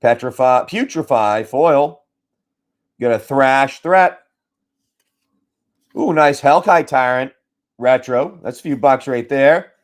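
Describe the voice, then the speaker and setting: A man hosting a live card-pack stream, chatting casually, telling a story with quoted lines, swearing freely and talking loudly. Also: medium pitch, slow pace, long pauses. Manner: loud, swears freely, tells stories with quoted dialogue. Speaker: live card-break seller. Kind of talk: casual chat while opening card packs.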